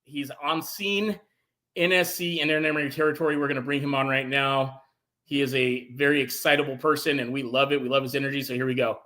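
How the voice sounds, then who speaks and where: A man hosting a casual sports talk show, enthusiastic and animated, reading out viewer comments. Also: medium pitch, fairly quick. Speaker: podcast host.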